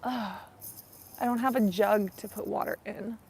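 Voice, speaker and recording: A woman's voice: medium pitch, fairly even intonation, moderate pace, vocal fry, darkish tone, breathy edge. A young woman talking casually on a live stream about skincare, rambling with lots of "like" and "you know".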